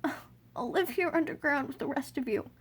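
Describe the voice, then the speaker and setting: A woman's voice: a little high, warm tone, breathy edge. A woman voicing a tearful young child who pleads and stammers. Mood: sobbing plea. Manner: halting, stammering, sobbing.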